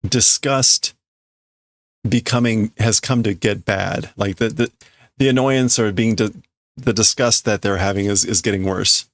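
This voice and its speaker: Brief: unhurried male streamer, gravelly fry, dry close sound, mulls over words. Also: lowish voice, fairly even intonation, no echo. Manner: thinks aloud, deliberating over word meanings. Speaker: streamer reading manga aloud. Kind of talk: casual reading and translating aloud.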